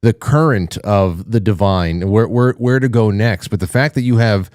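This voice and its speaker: Mellow, halting male podcast host. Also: fairly low pitch, no room sound, clean studio sound. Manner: halting, repeats words while searching for them. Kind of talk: casual interview.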